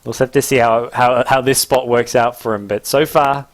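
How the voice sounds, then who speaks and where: A young man with an English accent giving live, joking play-by-play commentary on a video game, his pitch jumping up at big moments. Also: moderate pace. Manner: excitable, jokey play-by-play with sudden rises in pitch.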